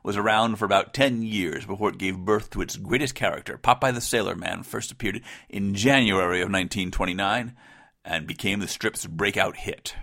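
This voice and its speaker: A man's voice: lowish voice, moderate pace, vocal fry, bright, forceful tone. A man hosting a podcast, narrating a script in a playful, mock-dramatic way with theatrical whispered asides. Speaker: podcast host.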